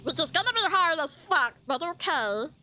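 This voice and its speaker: A woman's voice: sits high, very animated, normal speed, pushed and bright. A woman from the Philippines streaming a game, reading the story aloud in a put-on British accent and giggling often.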